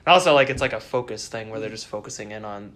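A man chatting casually, telling stories in an animated way with frequent laughs. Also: on the low side, quick pace. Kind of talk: casual chat.

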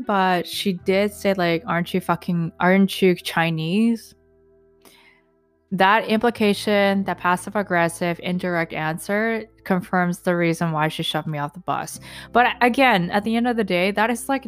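A woman's voice: lowish voice, smooth. A young woman telling an angry story about an incident, casual and profane, with many fillers. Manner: indignant, profane, lots of fillers. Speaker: vlogger recounting an incident.

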